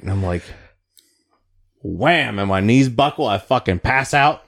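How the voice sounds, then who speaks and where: A man's voice: medium pitch, expressive, unhurried, vocal fry, a bit bright. A middle-aged man, a Navy veteran, telling rambling stories in casual chat, swearing freely and laughing along.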